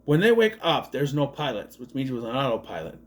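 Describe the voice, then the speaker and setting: A man's voice: mid-range voice, big pitch swings, fairly quick. A man giving a casual, rambling movie review, sarcastic and swearing often.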